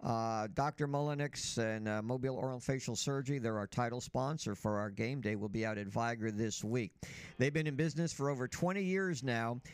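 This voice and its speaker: A man's voice: mid-range voice, a little fast, clear, resonant tone, no echo. Emphatic man on sports radio, dry sound. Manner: emphatic, lecturing. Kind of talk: sports radio opinion and live ad read.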